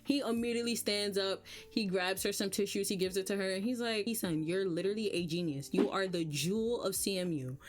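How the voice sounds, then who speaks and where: A young woman talking through a reality dating show in a chatty, lively way. She slips into quick impressions of the cast, pitching her voice up or down for them, and keeps up a loose, casual rhythm. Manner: animated storytelling, acts out cast members' lines. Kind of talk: casual recap commentary.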